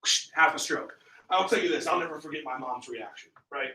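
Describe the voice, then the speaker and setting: A man's voice: a little high, a little fast, bright, forceful tone. A man leading a sales training session, talking with energy and quizzing his group with questions. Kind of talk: training seminar talk. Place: training room. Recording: echoey room, mic far off.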